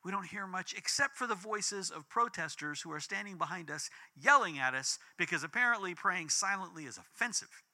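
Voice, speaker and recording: Fifties male pastor, lively storytelling sermon, high bright ringing voice. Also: brisk, few pauses. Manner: animated storytelling with big swings in pitch and volume.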